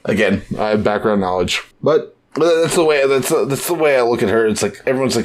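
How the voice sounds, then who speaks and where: A young American man co-hosts a podcast, chatting casually in a loose, profane way and bringing scenes to life with sudden voice shifts. His voice is on the low side and fast, with hardly any pauses.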